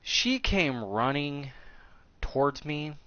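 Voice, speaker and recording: Slow-talking man telling a crude story. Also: on the high side, no echo. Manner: slow, animated, crude and joking. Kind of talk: casual storytelling. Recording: slightly dull recording.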